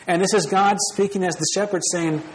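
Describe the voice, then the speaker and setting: A man's voice: high-pitched, steady tone, fairly quick, poor audio. Man, pastor, sermon, earnest and personal, repeats phrases, faint background hiss.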